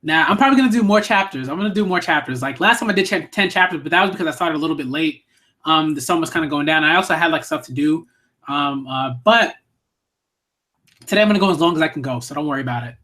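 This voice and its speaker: A man's voice: fairly high pitch, a little fast, sharp tone. Guy streaming a manga read, rambling, lots of "like", swears, pretty casual. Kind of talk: casual live-stream commentary.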